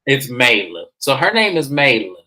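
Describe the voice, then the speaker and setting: Animated low-voiced woman recapping reality TV. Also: normal speed, low-quality recording. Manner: animated, swears freely, acts out quotes in high voices. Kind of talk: casual recap chat.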